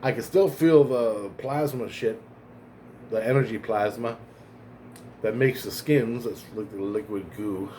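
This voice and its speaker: A man with a mellow voice on the low side speaks at a measured pace, with slight background noise. He's vlogging a long story about himself, swearing, drifting into digressions, and often starting again or correcting himself.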